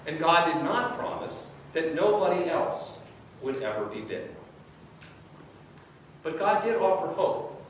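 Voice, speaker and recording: A man's voice: fairly high pitch, sing-song, a little slow, pauses often, distant mic. A man preaching a sermon in a conversational, storytelling way. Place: large echoey church sanctuary. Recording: echoey church recording from afar, faint hiss.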